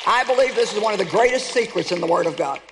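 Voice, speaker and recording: An older woman preaching a sermon to a congregation, emphatic and animated as she rallies her listeners. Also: medium pitch, fast, crowd noise, background noise. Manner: emphatic, animated, rallying the audience. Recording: reverberant hall.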